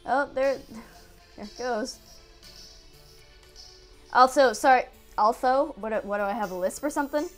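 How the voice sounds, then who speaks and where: A young woman giving casual gameplay commentary, excitable, yelping and laughing as she plays. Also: a little high, a little slow, pauses often, soft background music. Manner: excitable, yelps and laughs at the game. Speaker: gaming channel host.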